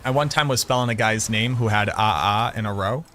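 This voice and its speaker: A man's voice: on the low side, brisk, a little hiss or hum. Chatty Boston man streaming games. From Boston area, USA. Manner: animated storyteller, swears casually. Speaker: game streamer. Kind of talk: casual live-stream chat.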